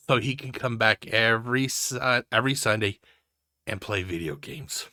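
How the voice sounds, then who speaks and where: A man's voice: lowish voice, unhurried, sharp tone, dry recording, clean studio sound. A man giving mocking reaction commentary, sarcastic and ranting, swearing heavily. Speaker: commentary host.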